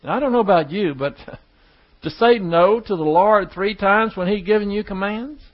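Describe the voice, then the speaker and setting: High-voiced man preaching from scripture. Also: normal speed, highs cut off. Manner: reads scripture aloud and explains it in plain, conversational asides. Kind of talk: sermon.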